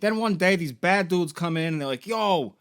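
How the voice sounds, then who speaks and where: High-voiced man rambling jokingly. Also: a little fast, a bit bright, clean tone. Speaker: video game store founder and host. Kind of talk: comedic rambling retelling.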